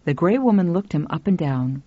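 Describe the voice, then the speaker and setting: A woman narrating a story in an expressive, scripted reading. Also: on the low side, moderate pace, no room sound. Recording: dull lo-fi, dry.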